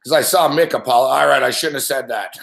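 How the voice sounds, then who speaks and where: A man's voice: mid-range voice, fast, creaky, fairly bright tone, echoey room. A man hosting a sports betting show live, ranting in a casual, profane, rambling way and laughing often. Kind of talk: casual live-stream rant.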